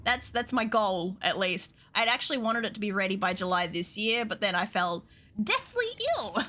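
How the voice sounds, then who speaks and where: A woman's voice: medium pitch, sing-song, moderate pace, bright, forceful tone, a little hiss or hum. A woman streaming a video game, chatting casually with viewers, swearing freely and laughing often. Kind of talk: casual gameplay stream chat.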